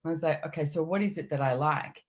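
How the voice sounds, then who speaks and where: A woman's voice: low voice, fast talker. A middle-aged woman speaking in a casual, chatty way as a podcast guest, acting out her inner voices as she talks. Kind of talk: casual chat.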